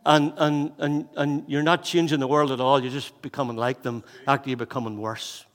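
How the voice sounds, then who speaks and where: A man of sixty preaching a sermon as pastor, fervent and repetitive, moving between loud exhortation and hushed intensity. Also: medium pitch, level tone, a little fast, big-room sound. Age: 60s. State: out of breath. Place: church hall.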